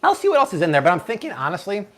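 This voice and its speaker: A man with a high, very fast voice and a fairly bright tone swings wildly in pitch as he hosts a live cooking demo in his home kitchen. He talks with real enthusiasm and keeps exclaiming over the food.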